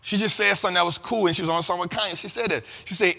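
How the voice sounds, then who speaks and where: High, forceful man talking in a reverby space. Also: racing, gravelly. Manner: animated and profane, keeps asking "you feel me?". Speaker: host of a money and investing show. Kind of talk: casual commentary.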